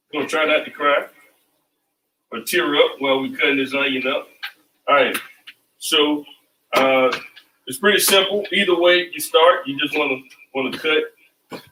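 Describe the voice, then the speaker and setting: Guy doing a chill cooking stream, bright voice, echoey kitchen, mic kinda far off. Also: on the high side, slight background noise. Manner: loose, repetitive, chanting phrases. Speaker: cooking livestream host. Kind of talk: casual cooking demo. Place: home kitchen.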